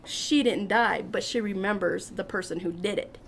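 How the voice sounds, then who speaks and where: A woman spins a personal story on a podcast in a gravelly, creaky voice, jumping into animated voices for the people she quotes. Her pitch sits in the middle of the range for a woman. Faint noise hums behind her. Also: normal speed. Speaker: podcast guest. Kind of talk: casual storytelling.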